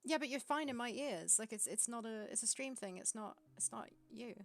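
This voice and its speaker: A woman's voice: fairly high pitch, a little fast, vocal fry. A woman streaming a game development session, chatting playfully and checking the audio levels. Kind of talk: casual chat. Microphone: desk mic.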